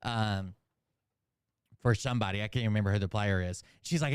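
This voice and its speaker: A man casually recapping a movie in a profane, animated rant, acting out the characters with sudden shouts. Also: lowish voice, brisk, smooth, no echo, studio quality. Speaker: channel host.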